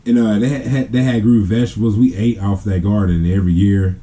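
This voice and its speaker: Guy with a real mellow dark voice doing a laid-back storytime, lots of likes and you-knows. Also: on the low side, steady tone, brisk. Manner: rambling, with many fillers and restarts. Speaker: family vlogger. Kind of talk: casual storytime.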